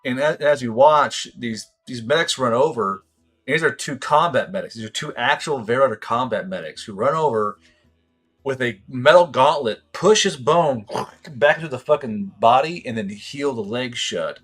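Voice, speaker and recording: A man's voice: medium pitch, moderate pace, a bit bright, breathy edge, soft background music. A man running a tabletop game as game master, describing scenes in a rambling, profane way with many fillers.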